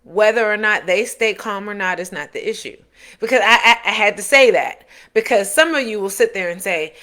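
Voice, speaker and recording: A woman's voice: mid-range voice, animated, normal speed, pushed and bright. A woman who is the parent of an autistic son, giving earnest parenting advice straight to the camera and rephrasing her points to coach her listeners. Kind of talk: direct-to-camera advice talk.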